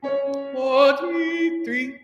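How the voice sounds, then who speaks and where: A man with a notably high voice directs a choir rehearsal. He sounds upbeat and encouraging as he counts the singers in. He is recorded in an echoey hall with a long reverb tail and faint music behind him. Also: steady tone, drawn-out words, lo-fi sound.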